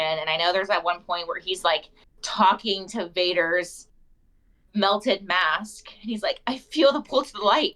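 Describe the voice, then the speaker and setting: Bright-voiced young woman giving her opinion. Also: mid-range voice, low-quality recording. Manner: chatty and opinionated, laughs often. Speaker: podcast co-host. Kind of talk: casual podcast chat.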